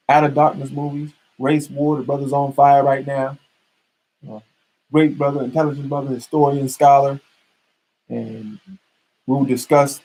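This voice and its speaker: A man's voice: a little high, a little mellow, husky, low-quality recording. A man hosting his own podcast, delivering a heated, preachy monologue full of profanity and repetition. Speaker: podcast host.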